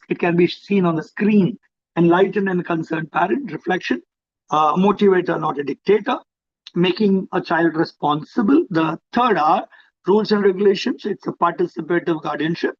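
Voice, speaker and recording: A middle-aged man with an Indian accent gives a lively talk on parenting over a video call, repeating himself and acting out parents and children. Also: sits high, moderate pace. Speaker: parenting speaker. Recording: dull lo-fi video call audio.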